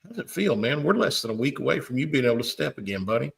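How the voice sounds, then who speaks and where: A man's voice: medium pitch, big pitch swings, very fast, gravelly. Fervent tearful man hosting. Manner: fervent and emotional, stumbles over repeated words. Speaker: podcast host. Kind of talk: impassioned appeal, preacher-like.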